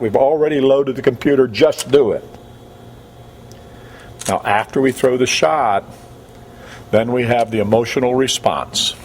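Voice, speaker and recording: Emphatic male bowling coach. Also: medium pitch. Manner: energetic, emphatic, repeats key words. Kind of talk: coaching instruction.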